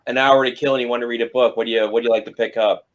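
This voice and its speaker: A man's voice: mid-range voice, steady tone, racing. A man co-hosting a podcast, asking curious questions in a casual conversation.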